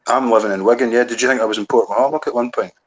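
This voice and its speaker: A soft-spoken Scottish man hosting a casual live chat. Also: medium pitch, steady tone, racing, muffled recording. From Scotland. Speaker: host.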